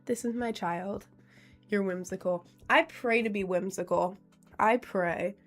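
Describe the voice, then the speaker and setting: A woman's voice: medium pitch, measured pace, faint music behind. A young woman streamer in casual live-stream chat. She giggles often, reads viewers' questions aloud, and answers them playfully.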